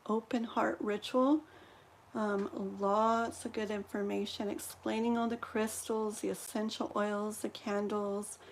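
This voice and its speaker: A woman hosting a spiritual live stream, talking gently and repetitively, guiding listeners through a candle ritual, hiccuping now and then. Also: medium pitch. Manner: gentle, repetitive, reassuring with frequent "okay".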